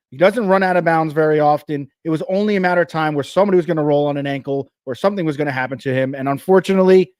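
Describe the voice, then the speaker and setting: A man with a New Jersey accent hosting a live fantasy football show, talking fast and energetically with frequent restarts. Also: on the high side, darkish tone, no echo, clean studio sound.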